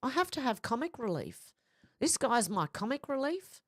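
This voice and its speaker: A woman's voice: fairly high pitch, very animated, moderate pace, no room sound, studio quality. A woman hosting a casual live stream, reading out viewer comments and rambling in a chatty way. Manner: chatty, rambling, laughs easily.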